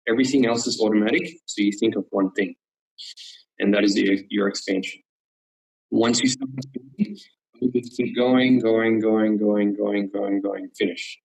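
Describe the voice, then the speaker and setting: A man talking as an archery coach in a webinar, explaining technique earnestly, repeating words for emphasis and checking in with a quick "yep". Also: fairly low pitch, fairly even intonation, creaky, darkish tone, low-quality recording.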